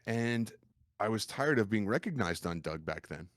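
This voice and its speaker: A man with a distinctive deep voice, a guest streamer telling stories in a casual podcast chat. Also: normal speed, dry recording, clean studio sound. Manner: storytelling, animated retelling.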